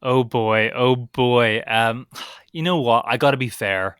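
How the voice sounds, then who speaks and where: Bright, crisp Northern Irish young man. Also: medium pitch, takes it slowly, no echo, studio quality. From Northern Ireland. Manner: opinionated, animated film critique. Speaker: podcast co-host. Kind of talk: casual film podcast chat.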